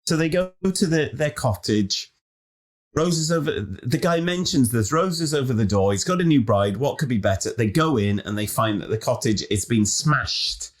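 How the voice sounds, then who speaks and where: A man with a mid-range voice at normal speed co-hosts a podcast, chatting and joking casually about a film. He's chatty and animated as he retells its scenes for the review.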